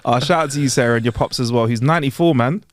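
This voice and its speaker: A man co-hosting a podcast, joking through animated, slangy banter. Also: mid-range voice, racing, no echo. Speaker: podcast co-host. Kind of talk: casual chat. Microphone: wireless clip-on mic.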